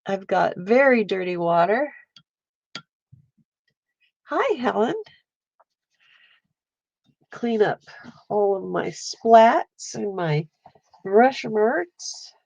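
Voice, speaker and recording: Woman streaming her painting, congested nose, slow easy talk, dry muffled sound. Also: mid-range voice, lively intonation, gravelly, darkish tone, dry recording. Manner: chatty, greets viewers while painting. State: stuffy nose. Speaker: livestream host. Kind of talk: casual live art stream.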